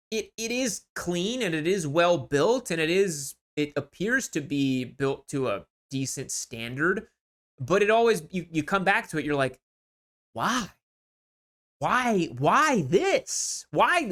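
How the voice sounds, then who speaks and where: A man hosting a motorcycle channel, giving casual, sarcastic and animated commentary as he mocks online sale listings. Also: on the high side, unhurried.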